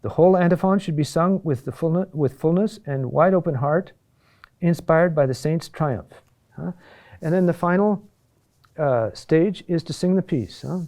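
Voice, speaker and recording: A man teaches a chant lesson in a mellow, fairly high voice. He explains in short, halting phrases full of fillers and tossed-off asides, and now and then sings a phrase slowly.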